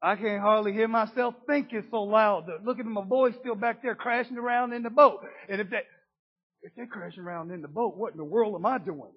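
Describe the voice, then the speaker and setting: A man's voice: high voice, brisk, slightly rough. A preacher putting on a frightened fisherman sinking in a storm. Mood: panicked. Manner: panicked, muttering to himself. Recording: dull lo-fi recording.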